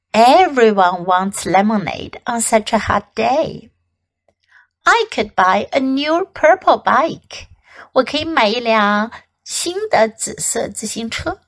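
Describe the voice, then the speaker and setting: A woman English teacher reading a picture book aloud slowly and clearly, then leading practice sentences. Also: on the high side, lively intonation. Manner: slow, careful reading with repeated practice sentences.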